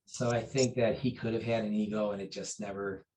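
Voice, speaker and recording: Martial arts instructor, male, low voice, chatty interview storyteller who restarts his sentences. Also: fairly even intonation, brisk, warm tone, a little hiss or hum, poor audio. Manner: rambling, with many fillers and restarts; acts out quoted dialogue with raised pitch and volume.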